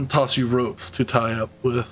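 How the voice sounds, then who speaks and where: A man narrating a tabletop game as game master, halting with many fillers, often clearing his throat and laughing. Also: medium pitch, steady tone, fairly bright tone, slight background noise, rough recording.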